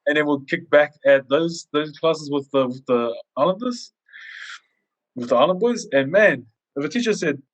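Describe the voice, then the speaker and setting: A man's voice: on the high side, normal speed, poor audio. A man co-hosting a casual podcast chat, telling stories animatedly and acting out quoted lines. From Samoan community in New Zealand. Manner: animated storyteller who acts out quotes. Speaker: podcast co-host.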